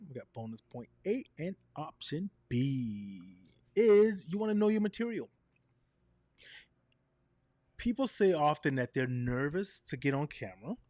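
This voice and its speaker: A man's voice: on the high side, no room sound. A man teaching a session on camera presence, asking "right?" often and changing his tone to show his points. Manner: animated, varies tone to demonstrate points, frequent "right?". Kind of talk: presentation coaching.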